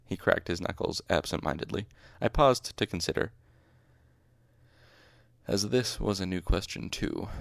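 A man's voice: on the low side, unhurried, creaky, no echo, clean studio sound. A man casually reading a novel aloud, stopping now and then to correct his slips. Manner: informal, stops to correct slips. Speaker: audiobook reader. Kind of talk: casual amateur audiobook narration.

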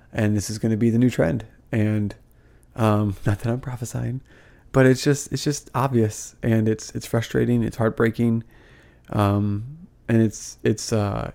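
A man's voice: on the low side, vocal fry. Heated young man ranting on camera. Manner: animated, heated, many fillers and restarts. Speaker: vlogger, former ministry school student. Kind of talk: casual ranting commentary.

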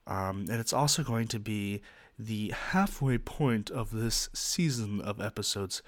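A man's voice: lowish voice, measured pace, dry recording. A man hosting his own podcast alone, talking casually and rambling with many ums and uhs, poking fun at himself. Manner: self-mocking, joking. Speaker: podcast host; teacher. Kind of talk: casual solo podcast chat.

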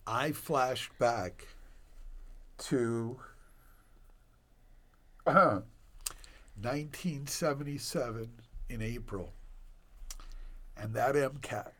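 Slow-talking storytelling man in his sixties. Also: medium pitch. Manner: animated storyteller with sound effects. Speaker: guest physician. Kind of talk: podcast storytelling.

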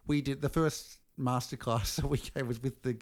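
A man's voice: medium pitch, fairly even intonation, normal speed. A man, hosting a podcast, easygoing in chat and mock-grand when reading a segment intro. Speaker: podcast host.

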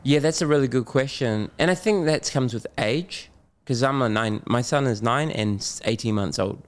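A man's voice: medium pitch, moderate pace. Candid, laughing New man. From New Zealand. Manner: animated storyteller, swears, laughs often, acts out his own lines. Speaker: guest. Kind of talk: candid casual conversation.

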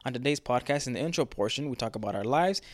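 A man's voice: medium pitch, animated, fast talker, no echo. A man co-hosting a casual fitness podcast as a trainer, rambling with lots of fillers like "you know" and "right".

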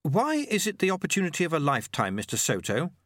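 A man's voice: a little high, huge pitch swings, fast, a bit bright, no room sound, studio quality, voice pushed up. A man voicing a young male thief turned novice monk, raising his voice into anxious questions.

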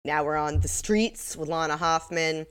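A woman's voice: sits low, moderate pace, fairly bright tone, clear, resonant tone. A woman co-hosting a podcast, casually retelling a TV episode with mock-outraged quips. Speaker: podcast co-host.

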